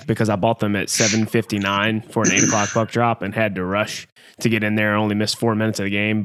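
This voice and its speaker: A man's voice: on the low side, fairly bright tone, dry recording, clean studio sound. A man co-hosting a podcast in casual sports chat, telling stories with restarts. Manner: chatty, tells stories with restarts. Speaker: podcast co-host.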